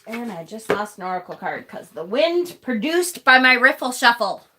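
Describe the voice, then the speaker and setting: A woman's voice: on the high side, sing-song, moderate pace, sharp tone, slight background noise. A woman from Rochester, New York, giving casual live tarot readings, chatty and affectionate as she answers viewers' comments. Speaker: tarot reader and channel host.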